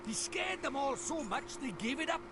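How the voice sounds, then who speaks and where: A man's voice: extremely high pitch, expressive, moderate pace. An actor voicing a cheeky, chatty little male fairy sidekick with a Welsh accent, in video game dialogue, bossy and sing-song. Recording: game audio with loud background noise.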